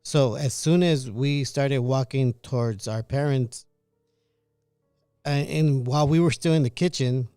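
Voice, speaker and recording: A man casually recounting a childhood experience, halting and restarting as he goes. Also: medium pitch, dark tone, clean tone, no echo, studio quality, soft background music. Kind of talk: casual storytelling.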